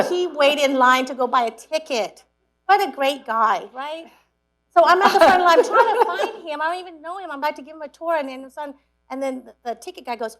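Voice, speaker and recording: A woman from Cambodia telling stories to students, lively, laughing often and acting out what people said. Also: sits high, fairly quick. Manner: lively storyteller, acts out quotes, laughs often. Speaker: guest speaker. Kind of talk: storytelling talk to students.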